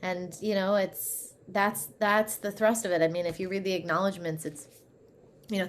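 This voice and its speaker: A woman's voice: lowish voice, steady tone, moderate pace, slight background noise. A woman in her thirties, an author in an interview, talking animatedly with many fillers and restarts and laughing often. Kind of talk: interview conversation.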